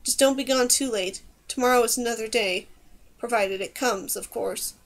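A woman's voice: a little high, normal speed, natural voice. A woman voicing a stern, blunt woman champion with a dry edge in a storybook reading.

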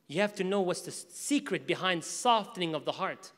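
A man giving a storytelling religious lecture in an animated, casual way, speaking directly to his audience. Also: sits high, fairly quick, few pauses. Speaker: Islamic lecturer. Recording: long hall reverb.

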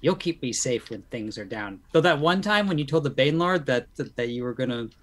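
A man's voice: medium pitch, lively intonation, a little fast, fairly bright tone. A man voicing a timid, nervous monster youth who rambles earnestly as he tries to make friends in a tabletop game.

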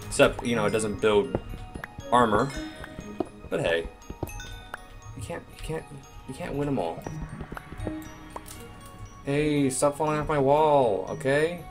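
A man giving let's play commentary, excitably talking to the game's items and swearing playfully. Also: mid-range voice. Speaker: gaming YouTuber.

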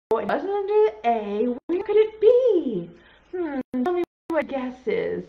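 A woman's voice: high voice, muffled recording. A young woman teaching a virtual preschool class, playful and encouraging, praising children's guesses in a sing-song way.

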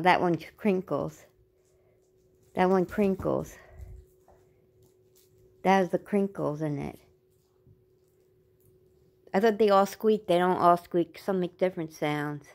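A woman's voice: on the low side, slow pace, gravelly, long pauses, a little mellow. A woman cooing to her pet at home in repetitive, sing-song talk. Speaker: pet owner.

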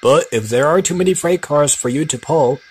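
A man voicing a stout, stern male railway boss who speaks in a booming, formal way, in a children's storybook. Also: brisk, noisy background, lightly acted. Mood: commanding. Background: background music.

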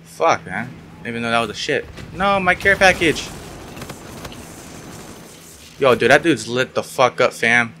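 Bright-voiced sarcastic young man gaming. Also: medium pitch, a little fast, a little hiss or hum. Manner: sarcastic, swears often, yelps when frustrated. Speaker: gaming YouTuber. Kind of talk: casual gameplay commentary.

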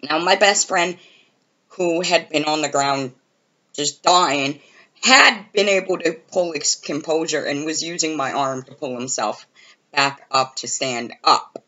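A woman telling a casual storytime about a high school memory in an animated, exasperated way. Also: measured pace, muffled recording.

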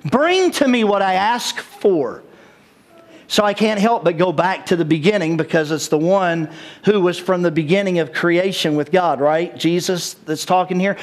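A male pastor preaching a sermon in an animated way, chuckling at his own jokes. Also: high voice.

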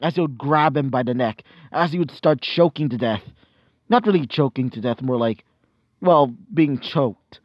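A man's voice: medium pitch, normal speed, dry recording, clean studio sound. A man narrating improvised fan fiction in a rambling, casual way, with many fillers and self-corrections. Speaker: storyteller.

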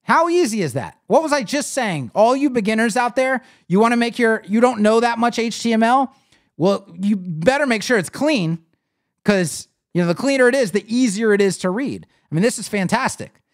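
At normal speed and in a very high voice, a man hosts a live web design stream. He talks to viewers casually and animatedly, explaining as he clicks through a site builder in a screen-share tutorial.

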